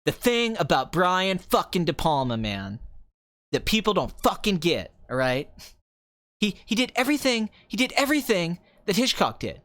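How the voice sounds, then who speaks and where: A man doing a comedic impression of a cocky film director, ranting fast and swearing, swinging from quiet musing to loud excitement. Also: high voice, no room sound, studio quality.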